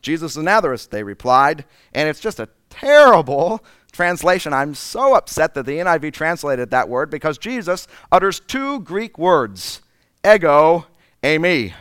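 A man's voice: a little high, big pitch swings, normal speed, no room sound. Male preacher, dramatic sermon delivery, resonant tone, dry close mic. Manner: dramatic, swings from loud emphasis to breathy whispers.

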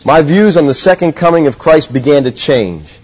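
A man's voice: on the high side, animated, normal speed, darkish tone. A middle-aged man preaching a sermon in an earnest, teacherly way, often putting questions to his listeners. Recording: dull lo-fi sound.

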